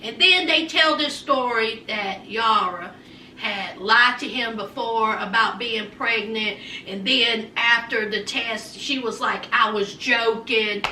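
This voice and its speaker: A woman recapping a reality show in a sassy, animated way, acting out the people she quotes. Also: a little high, takes it slowly, a little hiss or hum. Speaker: recap vlogger. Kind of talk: casual TV recap chat. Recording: echoey room, mic at a distance.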